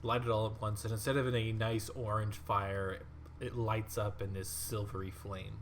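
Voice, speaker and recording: A man's voice: on the low side, flat delivery, moderate pace, a little hiss or hum. A man narrating as dungeon master, rambling with fillers and frequent laughs. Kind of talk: narrating a tabletop game.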